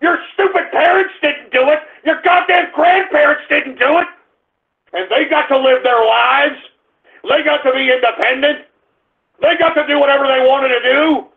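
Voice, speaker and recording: A man hosting an internet radio show, ranting and shouting angrily with heavy cursing. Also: very high-pitched, moderate pace. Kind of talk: angry political rant. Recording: tinny phone-like line.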